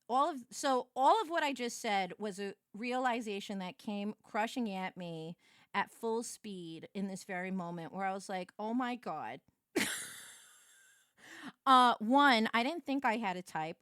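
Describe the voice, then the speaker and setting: A young woman streamer in casual live chat, excitable and sweary, often breaking into laughter and shouts. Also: medium pitch, clear, resonant tone, no room sound, clean studio sound.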